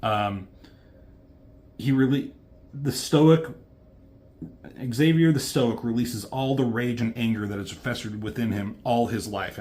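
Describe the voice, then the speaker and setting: A man who is a comic book reviewer, recapping a comic in a rambling, casual way, with lots of fillers and swearing. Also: mid-range voice.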